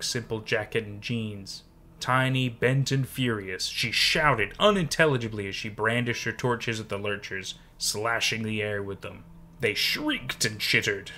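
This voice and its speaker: A man narrates a first-person horror story, building suspense with dramatic delivery. His voice sits in a middle pitch with a bright, crisp edge. This is scripted storytelling read straight to the listener.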